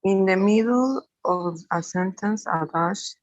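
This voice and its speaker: A woman student in an online English lesson, reading example sentences aloud carefully and haltingly. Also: medium pitch, lo-fi sound.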